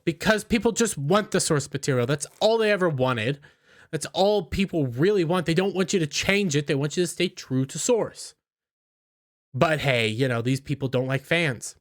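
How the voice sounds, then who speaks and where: Indignant ranting man, slightly high voice. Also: moderate pace. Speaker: YouTube commentator. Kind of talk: opinionated commentary.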